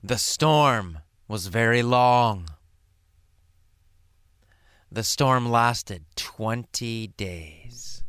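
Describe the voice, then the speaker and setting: A man teaching English by telling a story slowly, asking questions and answering them himself. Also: mid-range voice, very animated, pushed and bright, clear, resonant tone, dry recording, studio quality. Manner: repeats and answers his own questions, dramatic swings to near whisper.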